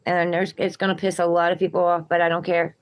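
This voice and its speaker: On a live stream, a woman with a Southern accent reads tarot cards and chats encouragingly with her viewers. Her voice sits on the low side, and she talks fast with a flat delivery.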